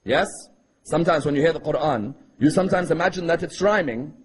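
Husky high-voiced man preaching a sermon. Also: low-quality recording. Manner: talks to a live audience with frequent rhetorical questions; recites Arabic verses in a rapid chant. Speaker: Islamic preacher.

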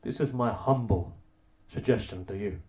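A man's voice: on the low side, normal speed, mellow. A man preaching a sermon, telling a story with rhetorical questions and building to emphatic peaks. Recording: roomy echo.

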